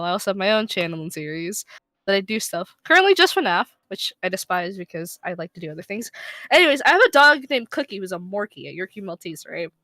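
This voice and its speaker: Bright, animated woman telling a story. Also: mid-range voice, no room sound. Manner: animated, swears a lot, loud bursts when excited. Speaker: guest co-player, voice actor. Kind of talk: casual storytelling over a game stream.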